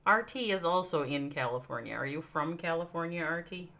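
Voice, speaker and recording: On a live game stream, a Midwestern woman with a low, slightly bright voice and a brisk pace chats easily with her audience. She reads out viewers' names and talks through her thoughts as she plays.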